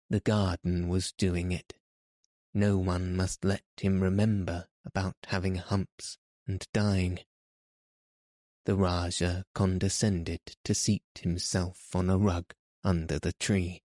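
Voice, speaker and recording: A man reading a classic story aloud in a measured, scripted narration. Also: sits low, level tone, a little mellow, no echo, studio quality. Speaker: audiobook narrator.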